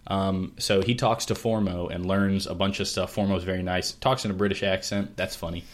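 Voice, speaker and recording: A man on a podcast casually retelling a fantasy novel, animated and quick to laugh, acting out the characters' lines. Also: sits low. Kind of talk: casual chat.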